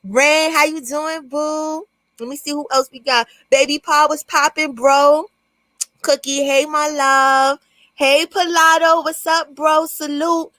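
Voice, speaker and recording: Brief: blunt, cussing livestream host, woman, a bit high, dry close mic. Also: steady tone, slow pace, pushed and bright, no echo, rough recording. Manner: blunt, profane, greets chat by name. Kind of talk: casual livestream commentary.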